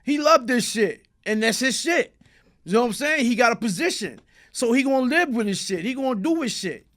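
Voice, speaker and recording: A middle-aged man, telling a story as a guest in a casual interview. His voice sits high, and he talks in animated street slang. He breaks into loud shouts. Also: a little fast. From New York.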